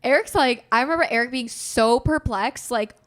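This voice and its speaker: A woman's voice: a little high, normal speed. A young woman hosting a podcast, telling childhood stories with lots of swearing. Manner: animated, profane storytelling. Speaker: podcast host. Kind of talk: casual podcast chat.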